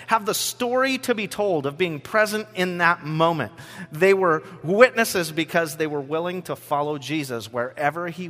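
A man gives a podcast sermon, talking loosely with frequent fillers and reading scripture aloud between comments. His voice sits a little high for a man. The recording carries a long, lingering reverb. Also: a bit bright. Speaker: pastor.

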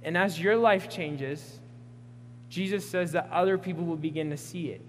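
A young man gives an earnest sermon and tells a personal story, with fillers scattered through his talk. His voice sits a little high. The sound rings with a long hall reverb over a faint hum. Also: normal speed. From Pacific Northwest US. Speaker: preacher.

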